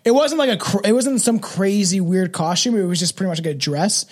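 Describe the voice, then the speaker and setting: A man's voice: high voice, fairly quick. A man in his thirties from Canada, hosting a podcast as casual chat, rambling through stories with lots of fillers and laughs. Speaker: podcast host.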